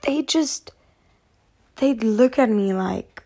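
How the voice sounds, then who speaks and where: Tired from not sleeping, this woman talks frankly to her camera, rambling and swearing a lot. Her medium-pitched voice is creaky and a little mellow, and she speaks slowly.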